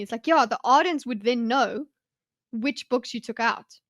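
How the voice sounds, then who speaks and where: Woman, casual book chat, fairly high voice, dry close sound, animated, joking. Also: no echo. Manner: animated, quick to joke and pick apart plot holes. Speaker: book club co-host.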